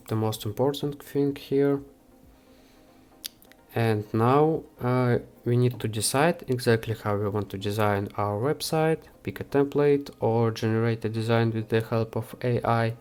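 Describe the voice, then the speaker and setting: A man hosting a software how-to, talking the viewer through each step with frequent hesitations. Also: mid-range voice, smooth. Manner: unhurried, with frequent "uh" fillers. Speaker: software tutorial host. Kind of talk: screen-recorded how-to walkthrough.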